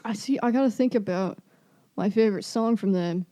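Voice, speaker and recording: A woman's voice: medium pitch, brisk, mellow. A woman co-hosting a podcast, chatting casually about music in an offhand, swearing, laughing way. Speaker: podcast co-host.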